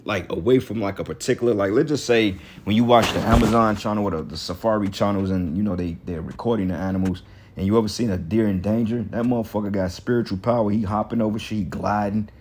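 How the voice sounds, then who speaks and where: A man with a lowish, darkish voice delivers an angry, profane street sermon at a quick pace in African American Vernacular English. He rants and curses between the scripture passages he reads aloud.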